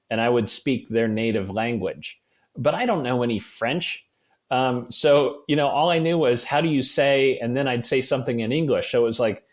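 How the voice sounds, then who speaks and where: A man guesting on a podcast, trading animated stories in an everyday conversational way. his voice sits at a typical middle pitch for a man, neither low nor high. he tells his anecdotes with energy. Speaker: guest author.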